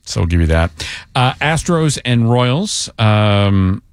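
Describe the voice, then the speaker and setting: A man's voice: lowish voice, big pitch swings, takes it slowly, clean tone, no room sound, clean studio sound. A man hosting a sports talk show, playfully needling his co-host and steering the conversation.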